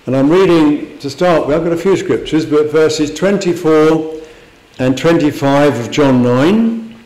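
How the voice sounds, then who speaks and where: Slow, earnest preacher in an echoey hall. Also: male voice, on the high side, a little mellow. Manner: earnest, with rhetorical questions. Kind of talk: sermon. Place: church hall.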